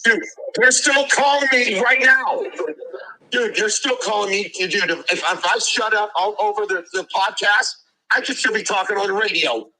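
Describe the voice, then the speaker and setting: An excitable man with a high, bright, sharp voice, calling into a podcast. He stammers, repeats himself and laughs as he talks. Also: normal speed, rough recording. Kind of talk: casual chat.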